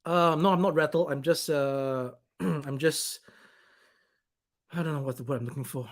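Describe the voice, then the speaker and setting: A man's voice: on the high side, steady tone, moderate pace. A man hosting his own live stream, reading out viewer comments in an irritated, blunt, rambling way and swearing now and then.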